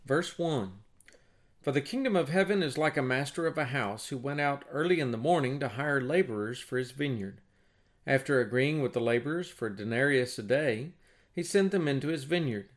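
A man reading a Bible passage aloud and then explaining it in a plain, conversational teaching sermon. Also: mid-range voice. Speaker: preacher.

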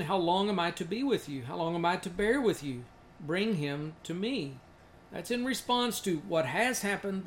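Guy with a fairly high voice preaching through a gospel story, thoughtful, a bit of hiss behind. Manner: reflective, conversational, with restarts. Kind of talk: Bible teaching talk.

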